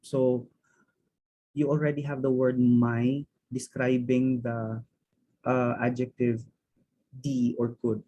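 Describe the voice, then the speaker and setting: A man's voice: mid-range voice, level tone, slow, pauses often, warm tone, lo-fi sound, a little hiss or hum. A man teaching a language lesson, explaining grammar step by step in a methodical way and repeating words as he thinks.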